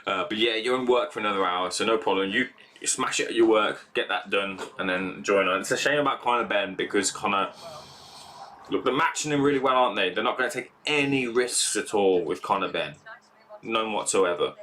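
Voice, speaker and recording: A man's voice: on the low side, brisk, bright, forceful tone. A young man hosting a casual live reaction stream, talking in a rambling, chatty way with lots of fillers.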